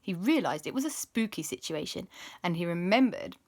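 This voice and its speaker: A woman telling a children's story as host, animated and dropping into spooky whispers. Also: on the low side, normal speed.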